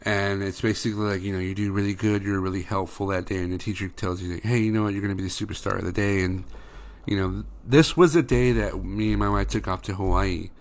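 A man's voice: sits low, fairly even intonation, quick pace. A young man, a father, telling casual rambling stories about his daughter as a podcast host, full of fillers. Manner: rambling, many fillers like "you know". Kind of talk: casual storytelling monologue.

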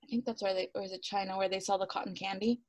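A woman with a mid-range voice races through her story as a guest on an interview podcast. She's animated, laughs often, acts out quotes and leans heavily on "like," and the recording is dry and rough.

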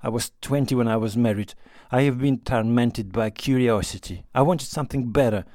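A man's voice: mid-range voice, moderate pace, darkish tone, dry recording, studio quality, natural voice. A man reading as a remorseful young wife. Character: young unhappy married woman, remorseful.

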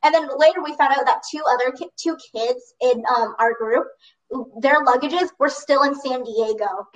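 Chatty high-voiced teen girl, slightly off-mic. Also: moderate pace, recorded from a distance, low-quality recording. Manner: animated, lots of "like", laughs mid-story. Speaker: storyteller recounting a school trip. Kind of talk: casual storytelling chat.

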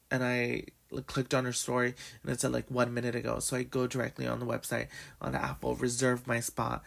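A young adult man hosting his own show, his voice raspy from just waking up and heavily gravelly with fry. He talks at a middling pitch in a loose, chatty way, leaning on fillers as he tells his story. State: raspy morning voice. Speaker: podcast host. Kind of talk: casual storytelling chat.

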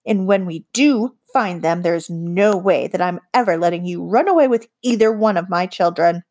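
A woman voicing a fierce, protective mother who speaks in a sharp, indignant way. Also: lowish voice, normal speed, close to an everyday voice.

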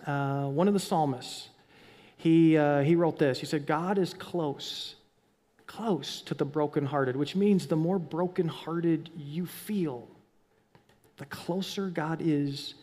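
A man preaching a sermon as pastor, swinging from hushed whispers to loud, emphatic lines. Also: a little high, slow pace, in a large hall. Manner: dynamic preacher, drops to whispers and rises to near-shouts.

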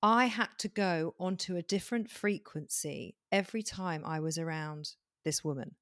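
Woman host, slightly low voice, affirming, dry close sound. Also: normal speed, dry recording. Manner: warm affirming listener, frequent "yeah". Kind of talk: conversational interview.

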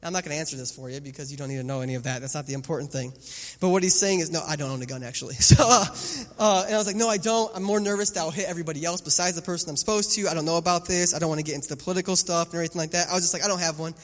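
A man's voice: fairly high pitch, rapid-fire. A man in his thirties preaching a sermon, telling stories animatedly and acting out the voices of the people in them. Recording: long hall reverb with faint music.

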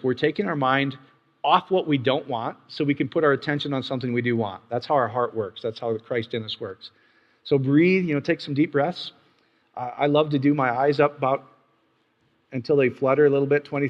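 A man giving a casual teaching sermon and leading a guided prayer, talking conversationally and often checking in with his listeners. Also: mid-range voice. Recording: long-reverb hall, dull lo-fi sound.

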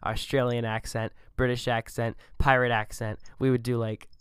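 A man hosts a casual podcast interview in a smooth, resonant voice recorded dry and close. He is chatty and easygoing, often stopping to add fillers or restart a sentence. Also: medium pitch, flat delivery, moderate pace, fairly bright tone, dry recording. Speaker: podcast host.

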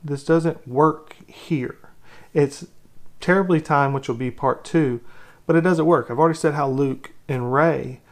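A man's voice: a little high, unhurried. A man giving an opinionated movie critique, exasperated and ranting, with lots of rhetorical questions. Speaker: film critic.

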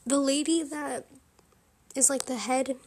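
A woman's voice: high voice, steady tone, measured pace, a little mellow. A young woman hosting a solo podcast, talking in a frank, opinionated, casual way with lots of fillers and laughs. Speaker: podcast host.

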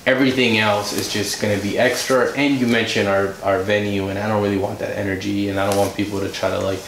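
A podcast guest who works as a music director and producer tells a story quickly and casually in a lowish voice, animatedly acting out the voices of the people in it. The room sounds roomy, with faint noise.

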